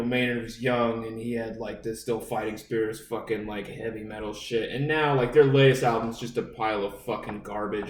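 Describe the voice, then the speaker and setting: A man's voice: medium pitch, a little mellow, distant mic. A man co-hosting a casual podcast, rambling and ranting, swearing constantly. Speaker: podcast co-host. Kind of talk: casual profane podcast banter. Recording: echoey room, voice off-mic, faint noise.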